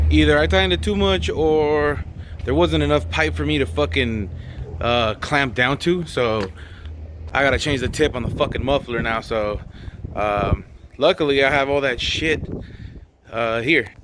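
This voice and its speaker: A man's voice: mid-range voice, noisy background. A man chatting casually and rambling with lots of swearing as he vlogs his own car exhaust repair, mocking himself along the way. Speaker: DIY car vlogger. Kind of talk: casual vlog narration while working on a car.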